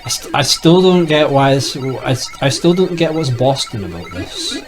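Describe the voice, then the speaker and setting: A man's voice: medium pitch, lively intonation, normal speed, faint music behind, low-quality recording. A young man giving casual, jokey commentary as he plays retro games, rambling and talking to himself. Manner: rambling, jokey, talks to himself while playing. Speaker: retro gaming youtuber.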